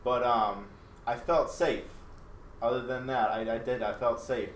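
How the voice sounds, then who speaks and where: A male guest on a podcast answering questions in a calm, steady way. He sits well back from the mic in a roomy, echoing space. A faint noise lies under his voice. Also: medium pitch, a little slow, recorded from a distance. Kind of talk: casual interview answers.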